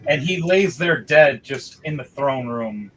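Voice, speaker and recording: A man running a tabletop game as game master, narrating vivid action with sudden excited outbursts. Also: mid-range voice, a little slow, faint music behind, rough recording.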